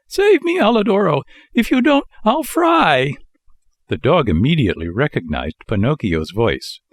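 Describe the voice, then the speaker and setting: A lively male audiobook reader narrates a storybook in scripted narration. His voice is fairly low, recorded at studio quality with no room sound.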